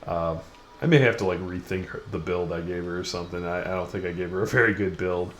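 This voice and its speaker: This gaming channel host is a young man who talks fast in a low-pitched, fairly bright voice. As he plays, he rambles through crude, self-deprecating let's-play commentary, recorded in an echoey room with faint background noise.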